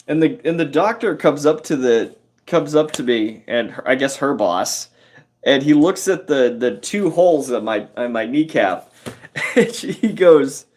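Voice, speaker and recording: Host: a man spinning a yarn while he works, slow and unhurried, lots of fillers and self-corrections. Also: a little high, expressive. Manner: rambling, halting, many fillers and self-corrections; chuckles through the telling. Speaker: carpentry livestream host. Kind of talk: casual storytelling while working.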